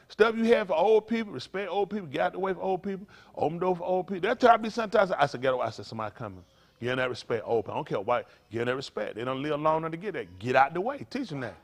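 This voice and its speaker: An older man preaching to a congregation, in a folksy, playful way with sudden loud bursts. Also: sits high. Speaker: pastor.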